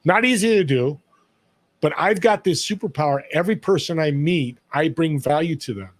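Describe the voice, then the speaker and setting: A man's voice: a little high, moderate pace, no echo. A man on a podcast as a guest, talking in an emphatic, storytelling way about serving others. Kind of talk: motivational interview talk.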